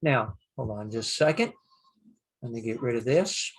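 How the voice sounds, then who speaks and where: An older man teaching a Bible Hebrew lesson, slowly sounding out Hebrew words and explaining them with frequent pauses. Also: mid-range voice, animated, breathy edge. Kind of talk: screen-share lesson.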